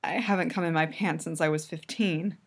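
A woman's voice: low voice, fairly quick, husky. A woman voicing a shy, flustered young man who speaks in a breathless, pleading, apologetic way.

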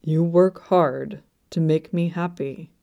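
A stubborn, blunt young man from a storybook, speaking in short, insistent words, as a woman reads him. The voice is low and slow, with a dark, mellow tone. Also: steady tone, creaky, lo-fi sound, exaggerated voice. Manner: terse, insistent.

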